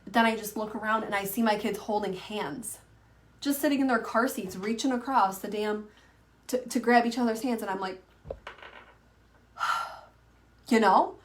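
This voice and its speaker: A woman's voice: mid-range voice, unhurried, pauses often, slight background noise. Chatty woman coach, a bit far from the mic. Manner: chatty, rambling, with frequent fillers and restarts. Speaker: online business coach. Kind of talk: casual teaching to camera.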